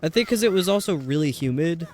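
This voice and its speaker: A man's voice: fairly high pitch, expressive, fast talker, a little mellow, faint music behind. A male streamer chatting casually and rambling while he plays, answering his chat.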